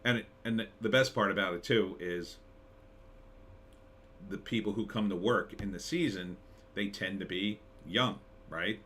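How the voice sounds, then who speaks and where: A middle-aged man with a lowish voice hosts a live stream and chats loosely, full of ums, restarts and asides to the chat. His recording carries a faint noise bed behind him. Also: a little slow, fairly bright tone. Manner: rambling, chatty, many fillers and restarts. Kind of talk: casual live-stream chat, reading chat comments.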